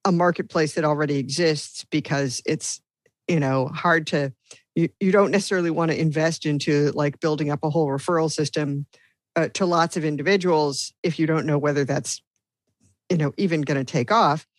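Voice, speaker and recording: A woman's voice: low-pitched, fairly even intonation, no echo. A woman on a podcast panel explaining her point carefully, with frequent uhs and you-knows. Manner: measured, filler-laden explaining. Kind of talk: casual panel discussion.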